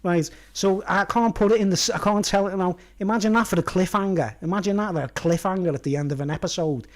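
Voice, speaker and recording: A man's voice: high voice, fast talker. A man rambling casually in a vlog, chuckling at his own jokes and checking in with "you know what I mean". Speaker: vlogger.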